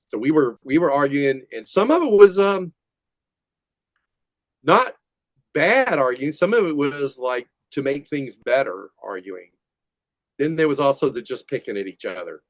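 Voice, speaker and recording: A man's voice: mid-range voice, no echo. Older man telling rowdy band stories. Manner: rambling, laughing, animated retelling. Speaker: guest, metal musician. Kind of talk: casual storytelling interview.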